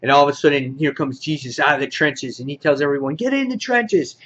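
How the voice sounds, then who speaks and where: A man giving a casual comic book review, rambling with many filler words and getting excited as he goes. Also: medium pitch, quick pace, muffled recording.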